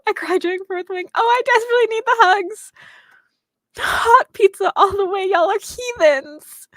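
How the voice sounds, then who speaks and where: A woman's voice: mid-range voice, fairly bright tone, no echo. A young woman hosting a casual reading livestream, reading viewer comments aloud and chatting back to them. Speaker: booktuber host reading chat aloud.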